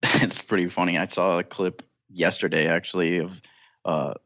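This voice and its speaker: A man's voice: deep voice, little pitch movement, normal speed, a bit bright, dry recording, studio quality. A young man hosting a casual film podcast, enthusiastic and laughing often as he talks. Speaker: podcast host.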